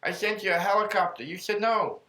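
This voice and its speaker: A man's voice: high-pitched, steady tone, a little fast, sharp tone, reverberant, voice pushed up. A man doing God, patiently explaining.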